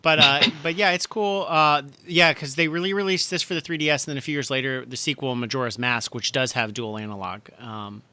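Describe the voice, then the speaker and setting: A man's voice: mid-range voice, steady tone, fairly quick, hardly any pauses, pushed and bright, clean tone. A man co-hosting a podcast, chatting casually and thinking aloud with frequent restarts. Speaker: podcast co-host. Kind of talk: casual chat.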